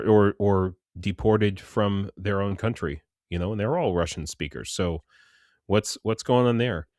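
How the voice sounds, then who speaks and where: A man in casual video-call chat, telling stories in a rambling, animated way with frequent restarts. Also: on the low side, dry recording, clean studio sound. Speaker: guest, foreign soldier serving in Ukraine.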